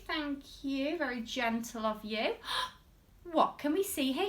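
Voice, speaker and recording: A woman with an English accent teaching a phonics lesson to young children, using an animated, exaggerated sing-song classroom voice. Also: high voice, a little slow, distant mic. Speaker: primary school teacher.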